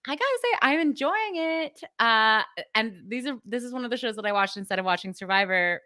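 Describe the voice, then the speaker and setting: A woman's voice: a little high, animated, fairly quick, sharp tone, no room sound, studio quality. A middle-aged woman co-hosting a podcast, chatting casually and rambling through recaps with frequent laughs. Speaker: podcast co-host. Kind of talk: casual chat.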